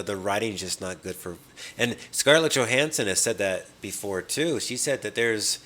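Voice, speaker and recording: A man with a lowish, bright, forceful voice talks casually about films on a podcast. He rambles with plenty of fillers and restarts and slips into quick put-on voices for movie lines. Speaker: podcast host.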